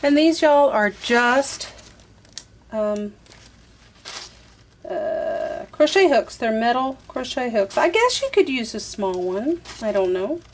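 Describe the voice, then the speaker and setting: A woman's voice: fairly high pitch, big pitch swings, slow, a little hiss or hum. A woman, chatting her way through a craft tutorial, talking to herself as she works. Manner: chatty, talks to herself while working, says "y'all". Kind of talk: casual step-by-step craft tutorial.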